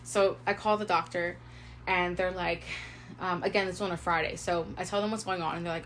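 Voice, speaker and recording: Co-hosting a podcast, a young woman in her twenties recounts something that happened to her, peppering it with "like" and quoting her own thoughts in an animated, casual retelling. She speaks briskly in a voice on the low side, with a little hiss or hum.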